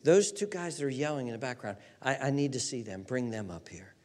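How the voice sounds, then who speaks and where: Man doing a calm teacher: low, quiet and firm, with a big-hall echo. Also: fairly quick, lightly acted. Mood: commanding. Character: calm male teacher summoning two men. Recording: long hall reverb.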